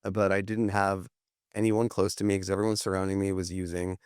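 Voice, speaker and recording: A man's voice: low voice, little pitch movement, a little fast, darkish tone, clear, resonant tone, dry recording, clean studio sound. A man in his thirties, a podcast guest, telling his story in a candid, rambling way with many fillers and restarts. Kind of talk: candid interview talk.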